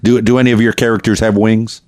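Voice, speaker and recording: A man's voice: lowish voice, flat delivery, fast, darkish tone, no room sound, clean studio sound. A man from Arkansas hosting a podcast, chatting casually and joking with frequent laughs. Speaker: podcast host. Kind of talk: casual chat.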